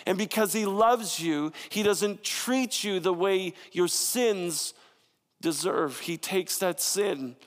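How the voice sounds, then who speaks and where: A man's voice: sits high, takes it slowly, long reverb tail. A man in his thirties preaching a sermon as a pastor, conversational and storytelling with playful asides.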